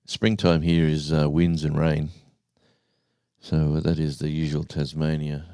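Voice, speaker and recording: A man in his sixties, hosting a casual live stream, rambling and halting as he reads out the viewers' chat. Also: a bass voice, completely flat delivery, warm tone, clean tone, no echo, studio quality. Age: 60s. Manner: rambling, halting, with many restarts and fillers.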